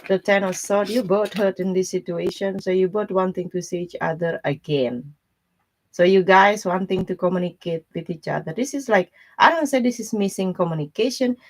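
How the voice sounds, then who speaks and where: Speaking at a moderate pace in a medium-pitched voice, this tarot reader runs a casual live-stream reading. Her talk is blunt and grammatically loose and broken, punctuated by frequent laughter.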